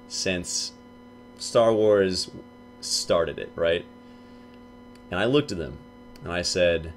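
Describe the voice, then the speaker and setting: Animated young man telling a story. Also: low voice, takes it slowly, pauses often, slight background noise. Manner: animated, acts out friends' quotes in hushed and loud voices. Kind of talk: casual storytelling.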